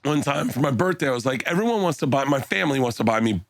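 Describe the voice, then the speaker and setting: A man's voice: lively intonation, fast talker, vocal fry, no echo, clean studio sound. A middle-aged man telling rowdy stories as a podcast guest, swearing often and acting out his friends' lines in a raised voice. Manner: profane storytelling, acts out friends' lines in a high voice. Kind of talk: casual podcast chat.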